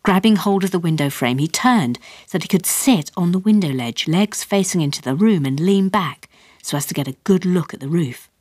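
A woman's voice: fairly low pitch, moderate pace, husky, dry recording, studio quality. Woman reading a comic memoir. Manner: lively comic storytelling, rising with excitement. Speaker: author reading her own memoir. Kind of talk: storybook reading. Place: radio studio.

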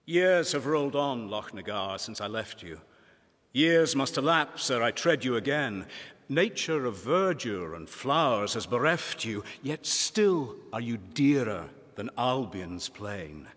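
A man reading a poem aloud on the radio, slow, grave and declamatory. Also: mid-range voice, very animated, a bit bright, breathy edge, long reverb tail. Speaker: reader. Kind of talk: dramatic poetry reading.

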